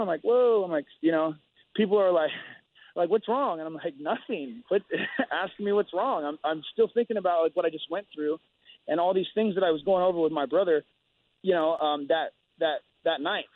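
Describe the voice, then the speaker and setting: A man guest in a casual interview, rambling with many halting restarts. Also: a little high, no room sound. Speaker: guest fighter. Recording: tinny phone line.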